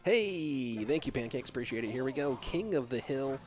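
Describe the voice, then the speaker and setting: A man commentating a live esports match from his home setup, breaking off mid-play to chat with viewers. His talk is loose and rambling, full of restarts and asides. Faint music runs quietly underneath. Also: mid-range voice, lively intonation, moderate pace.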